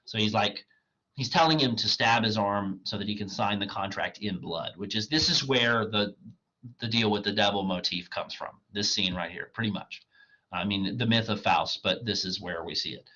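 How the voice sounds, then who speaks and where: Male professor, casual lecture voice, husky and bright, cracking, lo-fi sound. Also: on the low side, normal speed. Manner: casual, paraphrasing in everyday speech. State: voice cracking, strained. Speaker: literature professor.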